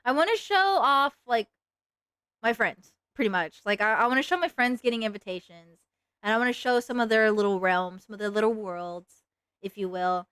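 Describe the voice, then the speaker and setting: A woman's voice: medium pitch, lively intonation, moderate pace, fairly bright tone, clean tone, no room sound. A woman streamer chatting casually while she draws, rambling along with lots of "like" fillers. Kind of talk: casual livestream chat while drawing.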